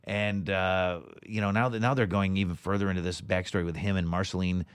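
A man's voice: sits low, fairly even intonation, fairly quick, smooth, dry recording, studio quality. A man in his forties, a voice actor chatting as an interview guest, rambling with plenty of fillers and restarts. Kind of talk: casual interview chat.

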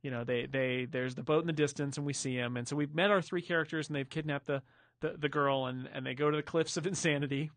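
A man's voice: a little high, steady tone, quick pace, fairly bright tone, no echo. A man hosting a podcast discussion, rambling casually with restarts and fillers. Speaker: podcast host. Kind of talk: casual chat.

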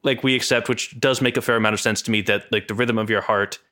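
A man's voice: fairly low pitch, fairly even intonation, quick pace, pushed and bright. A man co-hosting a podcast, talking casually and hedging a lot, with many restarts. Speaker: podcast co-host.

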